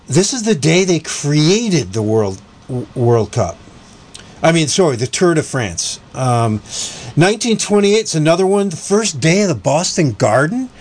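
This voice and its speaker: A man's voice: fairly high pitch, a little mellow. A man hosting a casual sports talk show, telling stories in a rambling way with restarts and self-corrections. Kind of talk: casual sports radio chat.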